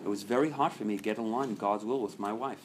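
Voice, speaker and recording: A man's voice: lowish voice, quick pace, background noise. Earnest man leading a recovery group. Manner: earnest, swings from soft to loud and emphatic. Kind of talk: recovery meeting talk.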